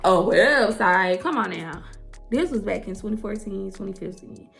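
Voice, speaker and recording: Blunt, swearing young woman with gravelly edge. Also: medium pitch, animated, normal speed, fairly bright tone, faint music behind. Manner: blunt and emphatic, swears freely, addresses listeners as girl and y'all. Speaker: hairstylist and entrepreneur. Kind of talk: candid storytelling to camera.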